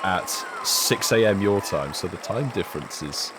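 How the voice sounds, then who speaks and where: English guy, lowish voice that jumps around, dry jokes, noisy crowd background. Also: expressive, moderate pace. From England. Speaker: podcast co-host. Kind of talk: casual podcast chat.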